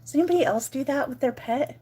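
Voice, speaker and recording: A woman's voice: fast, mellow. A woman, chatting casually to her viewers in a vlog. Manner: chatty, talks to dog in high baby voice. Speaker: vlogger.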